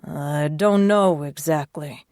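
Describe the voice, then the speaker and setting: A courteous, bashful Southern shifter man speaks slowly and gently, as a woman reading the audiobook gives him voice. The tone sits low and the sound is dry and close. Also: no echo. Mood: uncertain. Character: polite soft-spoken Southern shifter man. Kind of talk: audiobook character voice.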